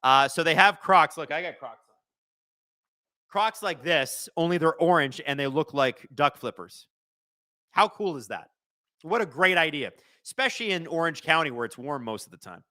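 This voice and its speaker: Lively, bright-voiced man hosting a live stream. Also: a little high, moderate pace. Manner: excitable, joking, chats with viewers. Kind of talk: live watch-along commentary, reading chat.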